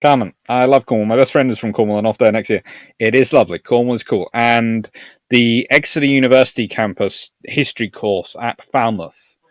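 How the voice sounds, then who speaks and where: Reading out viewer comments on his history live stream, this Surrey man with a southern English accent keeps things loose, rambling, chatty and prone to chuckles. His mid-range voice moves fairly quickly. There's no room sound, and the audio is studio quality.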